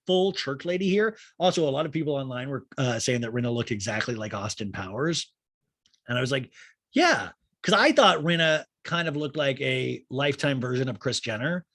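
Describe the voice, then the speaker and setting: A male podcast host giving a comedic recap monologue in an animated, campy way, slipping into impressions of the people he talks about. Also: medium pitch, no echo, studio quality.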